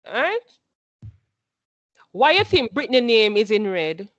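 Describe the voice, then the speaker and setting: A woman's voice: on the high side, sing-song, unhurried, a bit bright, dry recording, highs cut off. A woman teaching a class, patient, who repeats her instructions and quizzes her students as she goes.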